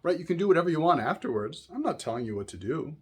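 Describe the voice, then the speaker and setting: A man's voice: on the high side, sing-song, fast, breathy edge. Patient man teaching a music lesson. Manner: patient, explanatory, often asks "right?". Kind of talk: music lesson with sung examples.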